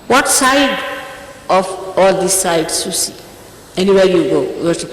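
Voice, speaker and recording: A woman's voice: lowish voice, animated, unhurried. A woman, a spiritual teacher, scolding her followers in an emphatic, direct way. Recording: echoey hall, old recording.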